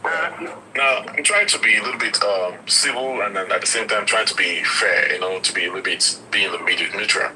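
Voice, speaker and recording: Bright-toned male commentator. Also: fairly low pitch, a little hiss or hum, poor audio. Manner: measured, explaining the story.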